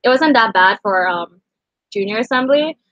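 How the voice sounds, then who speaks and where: A woman's voice: a little high, animated, moderate pace, fairly bright tone, no echo, highs cut off. Rambling young woman, emotional storytime. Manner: rambling, filler-heavy, emotional. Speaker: vlogger. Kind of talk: casual storytime chat.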